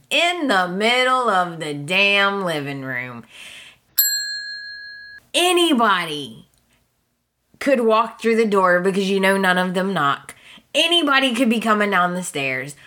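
A woman's voice: medium pitch, big pitch swings, a little slow, pushed and bright. A woman hosting a podcast, recapping a soap opera in a gossipy, exasperated way and talking straight to her listeners. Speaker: podcast host.

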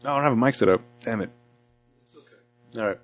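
A man's voice: medium pitch, fast, soft background music. A man hosting a casual podcast chat, talking in a loose, rambling way and often correcting himself. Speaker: podcast host.

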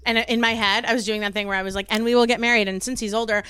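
A woman chatting casually as a guest backstage, lively and often slipping into mock voices to quote people. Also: on the high side, racing, clean tone. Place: backstage at a music venue.

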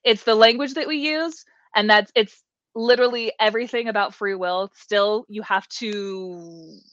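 A woman's voice: medium pitch, normal speed, a bit bright, no room sound, dull audio. A woman on a live show telling a story in a candid, rambling way from a bedroom at home. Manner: candid, rambling, swears lightly. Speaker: regular co-host.

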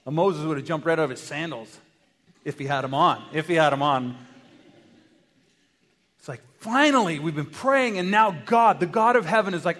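A man preaching a sermon as pastor, animated, acting out dialogue and asking his listeners rhetorical questions. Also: a little high, brisk. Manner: animated, acts out dialogue with God in varied voices; asks the congregation rhetorical questions. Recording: long hall reverb.

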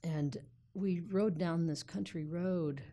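A woman telling a personal story aloud in an unhurried, vivid way with dramatic pauses. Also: on the low side, warm tone.

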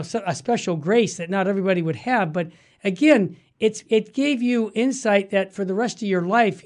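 A middle-aged male radio host in casual conversation with a guest. He talks with eager, emphatic energy and pushes hard on key words, with an easy laugh breaking in between points. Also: sits high. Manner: enthusiastic, emphatic, laughs often.

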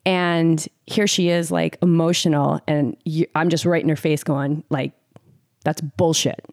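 A woman with a low voice talks in an easy, earnest way, her speech full of little "like" fillers. She is recorded close and dry, with no room sound around her. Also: flat delivery, a little slow, darkish tone, no room sound. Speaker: podcast guest, ultrarunning pacer. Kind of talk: casual storytelling conversation.

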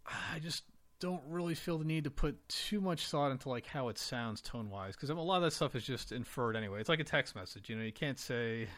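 A man co-hosting a podcast, talking in relaxed casual chat with restarts. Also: mid-range voice, no echo. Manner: quick, relaxed, conversational with restarts. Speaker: podcast co-host.

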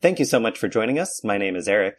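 A man from New York hosting a podcast, talking in a chatty, lively way and laughing easily. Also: on the low side, fast. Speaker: podcast host. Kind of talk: casual podcast chat.

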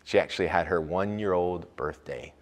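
A man preaching a sermon as a pastor, rising to loud emphatic peaks and dropping back low. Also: normal speed. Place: church sanctuary. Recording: long hall reverb.

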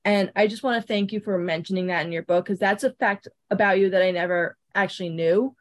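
A woman's voice: medium pitch, a little fast, muffled recording. Woman, hockey fan, earnest eager tone, casual chat. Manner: earnest, eager, many ums. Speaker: fan, season ticket holder.

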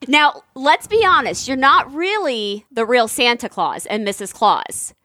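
A woman's voice: on the high side, animated, unhurried, pushed and bright, no room sound, studio quality. Bubbly, gushing woman co-host. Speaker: podcast co-host. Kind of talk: excited podcast chat.

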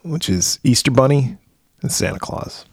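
A man's voice: mid-range voice, lively intonation, normal speed, gravelly, husky, no echo. A middle-aged man, co-host of a podcast, telling a swear-filled story and acting out the quotes. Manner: profane storytelling with acted-out quotes. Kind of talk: casual podcast chat.

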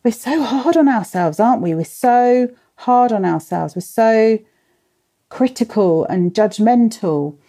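Warm and animated, this fairly high-pitched woman speaks a little slowly. She's in her thirties or forties leading a live parenting workshop, where she chats, laughs, sighs, and reads out comments, addressing viewers by name.

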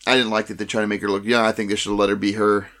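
A man's voice: lowish voice, flat delivery, very fast, a bit bright. A young man chatting casually, joking and swearing, often restarting his sentences. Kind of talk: casual chat.

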